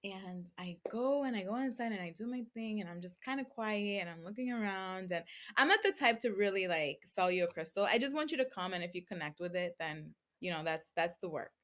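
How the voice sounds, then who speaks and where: A young woman chatting on a podcast, telling her story with animated energy and a steady middle pitch. She fills her sentences with casual fillers and slips into acting out what others said. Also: brisk, hardly any pauses. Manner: animated, acts out quoted speech, many fillers like "like". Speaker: podcast guest, crystal seller.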